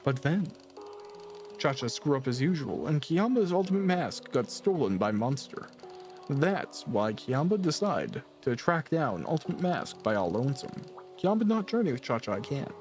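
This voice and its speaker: A man's voice: mid-range voice, big pitch swings, moderate pace, a little mellow, lightly acted. Kiamba, a man playing a haughty little masked tribal creature from a game, broken pidgin, talking about himself by name, bouncy swooping delivery, with light game music underneath. He sounds dismissive and sure of himself. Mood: boastful. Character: boastful small male tribal masked creature.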